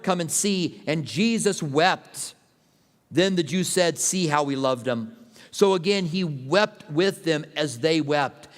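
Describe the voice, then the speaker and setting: A man preaching a sermon, his voice sitting a touch high for a man. He reads scripture and explains it earnestly. The sound carries a long reverb, as in a large church hall. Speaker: pastor.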